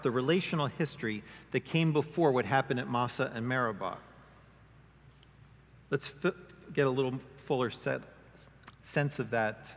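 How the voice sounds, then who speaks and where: Preaching man in a reverberant church hall. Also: mid-range voice. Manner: expressive preaching, acting out quoted voices with rising emphasis. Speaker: pastor. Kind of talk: sermon.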